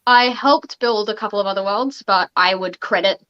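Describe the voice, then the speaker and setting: A woman's voice: medium pitch, normal speed, a bit bright, smooth. Young woman, game master host, casual chat, muffled stream sound, many restarts. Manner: chatty, lots of fillers and restarts.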